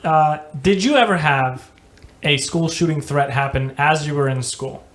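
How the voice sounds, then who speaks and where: A man's voice: on the high side, fairly bright tone. A young man co-hosting a podcast, cracking profane jokes and telling a school story in casual chat. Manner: joking, profane, quick interjections. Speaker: podcast co-host.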